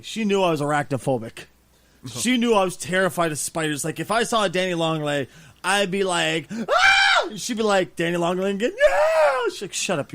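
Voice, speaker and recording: A man hosting a podcast, telling a story in loud, animated, profane banter. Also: high voice. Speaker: podcast host.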